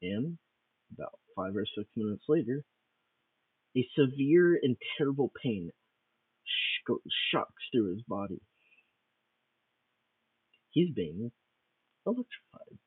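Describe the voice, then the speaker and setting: Man narrating a silly improvised tale, rambling delivery; husky, low voice, dry phone-quality recording. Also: animated, slow pace, long pauses, no room sound, far from the mic. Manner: rambling, with restarts and fillers. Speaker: storyteller. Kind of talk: improvised comic storytelling.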